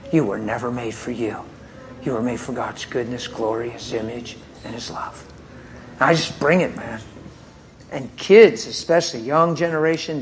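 A man's voice: medium pitch, a little hiss or hum. A man, a traveling preacher, telling a testimony story in an emphatic, fervent way.

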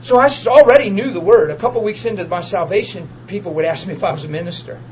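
A man tells his testimony like a preacher, his voice pitched high for a man. He drops to near-murmurs and then climbs into loud, tearful laughter. The recording is dull and lo-fi with steady noise behind him. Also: quick pace. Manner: emotional, swings from hushed to loud laughing and crying. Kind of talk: testimony storytelling.

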